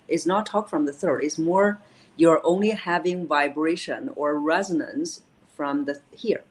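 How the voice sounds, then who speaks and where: A woman's voice: low voice, darkish tone, slight background noise, poor audio. A woman voice coach explaining vocal technique in an interview, with many "uh" fillers and key phrases repeated.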